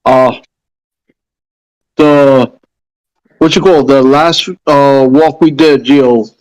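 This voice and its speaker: A man on a podcast panel recounting an event in casual chat, halting and searching for words. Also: medium pitch, fairly even intonation, darkish tone, rough recording.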